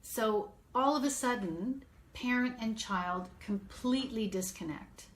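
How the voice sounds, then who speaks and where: A woman's voice: a little high, measured pace. A middle-aged woman parent coach giving an earnest, reassuring live talk to parents, thinking aloud with fillers.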